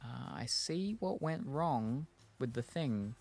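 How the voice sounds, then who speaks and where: Man, casual gaming stream chat, rambling, lots of fillers, mid-pitched, soft music underneath. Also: animated, slow pace, creaky, husky. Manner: rambling, thinks aloud with many fillers.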